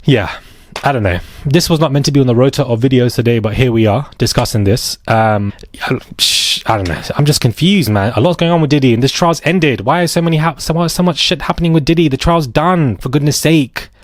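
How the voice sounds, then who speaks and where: A man hosting a commentary channel, giving rapid, animated opinions with sarcastic asides. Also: medium pitch, dry recording.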